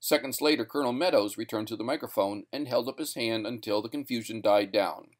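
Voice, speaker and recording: A man reading a short story aloud in a steady, measured narration. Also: medium pitch.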